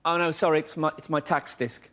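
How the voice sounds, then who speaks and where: A man, a comedian on a panel show, delivering deadpan one-liners. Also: on the high side, a little fast, heavy background noise. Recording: studio audience laughter.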